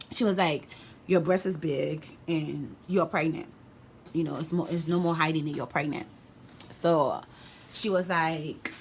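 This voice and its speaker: Young woman chatting a storytime vlog, low-ish voice, lots of slang, faint hiss behind. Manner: casual, animated storytelling with slang. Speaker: vlogger.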